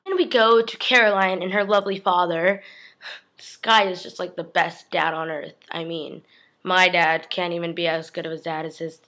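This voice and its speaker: Chatty woman with a bright voice. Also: fairly low pitch, fairly even intonation, moderate pace. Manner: chatty, rambling, heavy use of "like". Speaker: TV recap vlogger. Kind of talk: casual TV episode recap.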